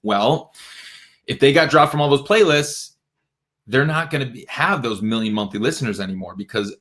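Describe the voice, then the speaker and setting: Energetic man giving a livestream talk. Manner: energetic, emphatic, swings from low asides to bright exclamations. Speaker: music industry educator.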